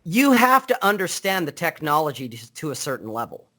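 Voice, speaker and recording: A man's voice: a little high, very animated, brisk, sharp tone. A man speaking as a podcast guest over a Skype call, in a blunt, unfiltered, rambling way with many restarts. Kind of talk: casual interview chat.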